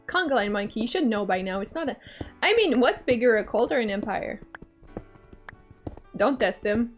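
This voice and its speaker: With faint music in the background, a young adult woman on a desk mic does casual live-stream chat from home, reading messages aloud, teasing her viewers and laughing often. Her voice is a little high and expressive, at a normal pace.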